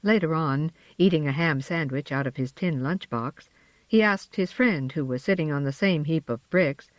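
A narrator reading a children's storybook aloud in a measured, expressive way, in a slightly dull, dry recording. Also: medium pitch, dry recording.

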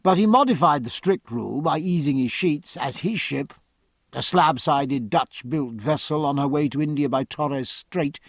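A man reading a novel aloud with expressive, varied phrasing, close to the mic. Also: on the high side, no room sound. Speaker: audiobook narrator. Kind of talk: scripted audiobook narration.

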